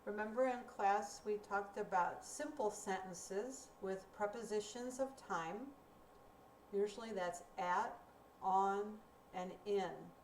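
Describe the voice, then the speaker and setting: A woman teaching a recorded grammar lesson, speaking slowly and clearly in a deliberate teaching manner. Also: medium pitch. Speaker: ESL teacher. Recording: roomy, distant mic with faint room noise.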